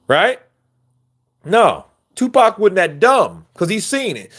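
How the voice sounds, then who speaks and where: Animated, rambling man chatting with viewers. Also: high voice, a little slow. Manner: loose, profane, rambling street talk; answers viewer questions, acts out quotes with voice shifts. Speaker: boxing commentary host. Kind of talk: casual chat with viewers.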